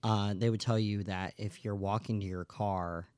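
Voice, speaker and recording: Man rambling through a story, slightly low voice. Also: fairly even intonation, normal speed, darkish tone, clean tone, no room sound. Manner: rambling, many fillers and restarts, swears freely. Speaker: podcast host. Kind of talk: casual storytelling chat.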